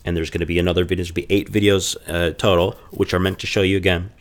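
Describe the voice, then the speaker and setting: A man with a very low voice teaches a language lesson. He explains patiently and repeats sample phrases slowly and clearly. Keyboard typing sounds now and then. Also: level tone. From Chicago.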